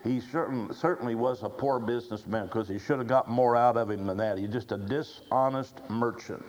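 A man preaching a sermon, slow and deliberate, quoting scripture as he goes. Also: mid-range voice, a little hiss or hum, poor audio.

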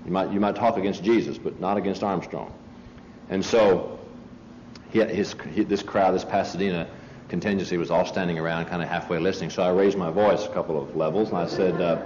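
A man with a fairly low voice gives a conversational sermon to a live audience, building his points with emphatic asides and storytelling. The recording is a dull, lo-fi tape with a faint hiss underneath. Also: fairly even intonation, fairly quick, a little mellow, echoey room. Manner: emphatic, storytelling, frequent restarts and asides to listeners. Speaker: preacher lecturing on a religious movement. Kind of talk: conversational sermon-style lecture with anecdotes.

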